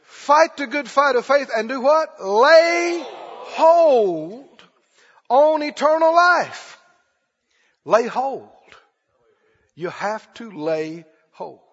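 High, lively emphatic preacher man. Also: very slow, long reverb tail, highs cut off. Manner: emphatic, shouting and repeating phrases. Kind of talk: sermon.

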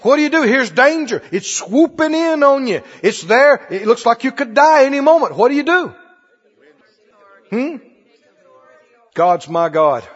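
A man's voice: extremely high pitch, animated, normal speed, a bit bright, long reverb tail, lo-fi sound. A man preaching a sermon, firing repeated questions at his congregation. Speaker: pastor.

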